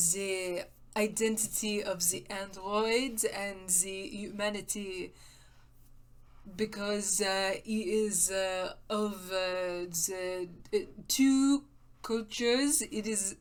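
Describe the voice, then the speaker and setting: A woman voicing a pompous, pretentious art critic in a deliberately bad mock French accent, halting and full of ums. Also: mid-range voice, clean tone, natural voice.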